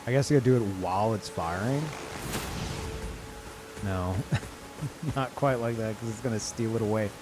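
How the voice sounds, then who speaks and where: A man streaming a game with live commentary, swearing and incredulous, jumping between loud outbursts and low mutters. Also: normal speed, pauses often, over music.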